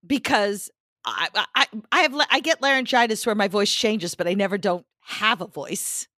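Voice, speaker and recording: Bright, teasing woman with a hoarse voice. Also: mid-range voice, normal speed, dry recording, studio quality. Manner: animated, teasing storyteller. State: hoarse, lost voice. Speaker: podcast co-host. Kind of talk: casual chat.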